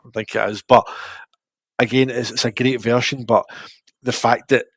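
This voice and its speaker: A man's voice: medium pitch, normal speed, dry recording. Glaswegian man telling rambling stories. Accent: Scottish, Glasgow. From Scotland. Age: 40s. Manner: lively, rambling anecdotal storytelling. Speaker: podcast co-host. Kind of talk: casual podcast chat.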